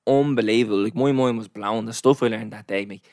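A young man with an Irish accent rattles through a travel story at a quick clip. He talks casually and animatedly, with plenty of slang and swearing. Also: on the low side, a little mellow, dry recording, studio quality. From Ireland. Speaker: storyteller in a chat. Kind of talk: casual chat.

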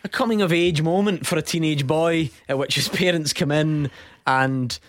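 A man's voice: a little high, moderate pace, dry recording, studio quality. A man with a Scottish accent hosting a sports radio phone-in, teasing and jokey. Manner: jokey, teasing, asks pointed questions. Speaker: radio football phone-in host.

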